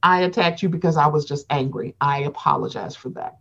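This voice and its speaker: A woman's voice: deep voice, a little fast, muffled recording. A woman from Baltimore gossiping in casual chat, blunt and profane, acting out what people said. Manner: animated, blunt and profane, acts out quoted voices. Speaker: podcast co-host.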